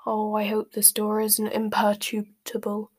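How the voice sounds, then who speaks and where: An anxious, clever teenage witch, read by a woman who whispers nervously and sits a little higher than the narration around her. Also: monotone, unhurried, slightly rough.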